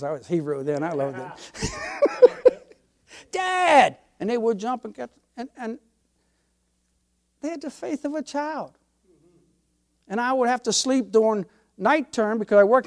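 An older man, a pastor, preaching a sermon with emphatic, folksy delivery and homespun stories. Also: sits high.

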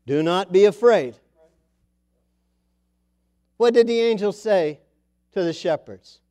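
A middle-aged man preaches in a high voice. He talks slowly and reads scripture aloud with deliberate weight. His volume jumps to loud bursts and then drops low. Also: clear, resonant tone. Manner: animated, with sudden loud bursts and soft drops; slows down to read scripture aloud. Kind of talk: sermon.

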